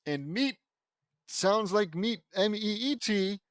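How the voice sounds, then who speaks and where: Guy reading bad fanfic out loud and roasting it, kinda high voice, dead dry sound, sarcastic and fed up. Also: animated, clean tone, dry recording. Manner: exasperated, sarcastic asides and quick mock voices. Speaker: reader mocking a fan fiction. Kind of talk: sarcastic comedic dramatic reading.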